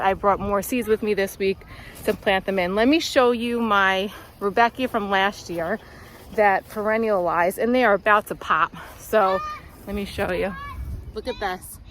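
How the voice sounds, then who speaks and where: Woman farmer, casual upbeat vlog, a bit out of breath, medium pitch, faint outdoor hiss. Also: a bit bright, low-quality recording. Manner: chatty, upbeat, talking while walking the rows. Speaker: flower farmer. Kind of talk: casual walk-through vlog. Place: outdoors on a flower farm.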